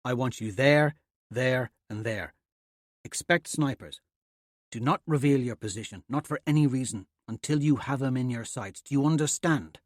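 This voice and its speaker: A man's voice: medium pitch, moderate pace, no room sound, studio quality, natural voice. A man playing a hard battlefield commander. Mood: commanding. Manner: commanding, bellowing orders.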